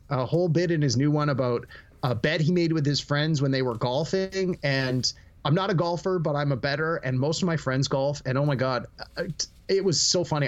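A man co-hosting a podcast, telling stories in a rambling, animated way with lots of fillers. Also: a little high, highs cut off. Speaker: podcast co-host. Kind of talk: casual podcast chat.

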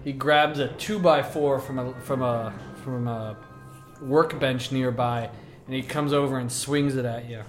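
A man narrating a tabletop role-playing session as its game master. He talks in a relaxed, halting way, stopping to find words. Faint music plays behind him. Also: medium pitch.

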